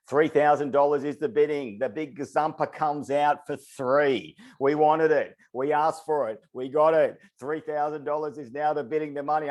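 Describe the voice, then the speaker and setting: A man calling bids at an online charity auction in a steady, repeating auctioneer's patter, slightly out of breath. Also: a little high. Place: online webinar.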